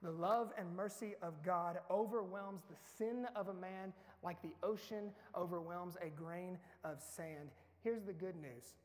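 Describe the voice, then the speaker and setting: High-voiced preacher in a reverberant hall. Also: male voice, measured pace, few pauses. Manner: earnest, conversational preaching with vivid storytelling. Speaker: pastor. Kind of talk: sermon. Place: church sanctuary. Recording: long reverb of a large church hall.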